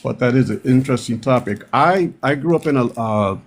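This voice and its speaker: A middle-aged man from Milwaukee tells personal stories on a discussion panel, unhurried and reflective, often pausing to restart his sentences. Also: mid-range voice, animated. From Milwaukee, United States. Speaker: panel participant.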